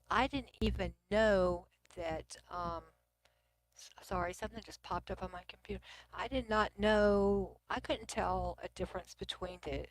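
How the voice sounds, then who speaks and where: A middle-aged woman from Texas with a Texan accent, hosting a casual livestream and chatting with viewers at her computer, sometimes dropping to a near whisper. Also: medium pitch. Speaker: livestream host. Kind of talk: casual livestream chat reading comments.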